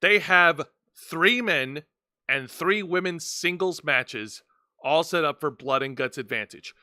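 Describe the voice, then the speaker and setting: A man's voice: fairly high pitch, slow, sharp tone, no room sound, clean studio sound. A man hosting a casual wrestling review chat, explaining events and often stumbling into restarts. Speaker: podcast host.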